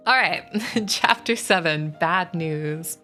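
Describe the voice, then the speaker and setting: A woman's voice: on the low side, slow pace. A woman streaming a book reading, narrating chapters and chatting with viewers in a giggly, friendly way. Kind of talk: casual livestream storytelling. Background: soft music.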